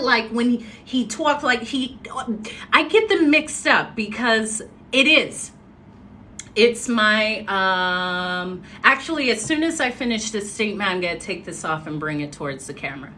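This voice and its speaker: A woman telling a story casually on a livestream, animated and expressive, acting out what people said. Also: mid-range voice, measured pace, a little hiss or hum. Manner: animated, expressive, acts out quotes. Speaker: motivational speaker.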